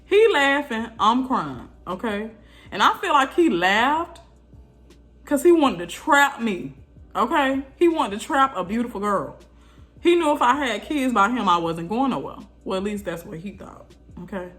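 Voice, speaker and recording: Lively, expressive woman telling a story. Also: mid-range voice. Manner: animated, chatty, addresses viewers with asides. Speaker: vlogger telling her birth story. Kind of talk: casual storytelling to camera.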